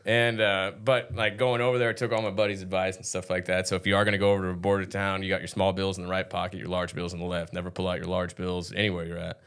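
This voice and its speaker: Low-pitched man, rambling, swears freely, casual podcast chat. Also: level tone, quick pace, few pauses, a bit bright, smooth. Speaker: podcast co-host.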